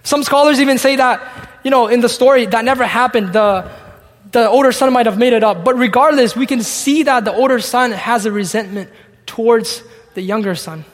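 A man's voice: very high-pitched, brisk, in a large hall. A man preaching a sermon, reading scripture aloud and acting out its dialogue. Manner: expository, reads scripture and acts out the dialogue.

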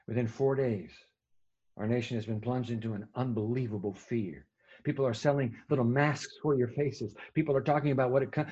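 A man preaching a sermon as a vivid story, dropping to a hush at tense moments. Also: medium pitch, breathy edge, muffled recording. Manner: vivid storytelling with sudden hushed drops.

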